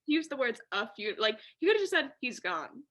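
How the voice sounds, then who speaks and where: A young woman chatting on a podcast in a bright, slightly husky voice that swings high and low. She talks playfully and breaks into laughs. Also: big pitch swings, a little fast. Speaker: podcast co-host. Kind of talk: casual chat.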